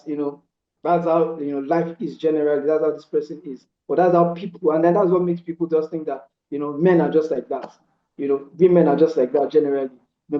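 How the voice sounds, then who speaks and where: A man giving earnest, casual relationship advice, padding his points with frequent "you know" fillers and restarts. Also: fairly high pitch. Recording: roomy, dull lo-fi sound.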